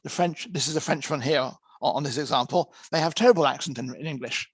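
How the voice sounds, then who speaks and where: Gravelly-voiced man lecturing. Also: on the high side, fast talker, no echo. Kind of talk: lecture on interpreting.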